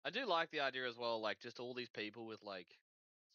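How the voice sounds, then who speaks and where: A young man co-hosting a podcast in casual chat, an animated storyteller who acts out what others say. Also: mid-range voice, a little fast, clean tone, dry recording. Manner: animated storyteller acting out quotes. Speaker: podcast co-host. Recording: dull lo-fi mic.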